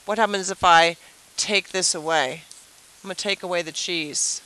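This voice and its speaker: A woman's voice: lowish voice, normal speed, bright, forceful tone, rough recording. A woman teacher giving a chatty review lesson at a whiteboard, asking the class questions and explaining with playful everyday comparisons.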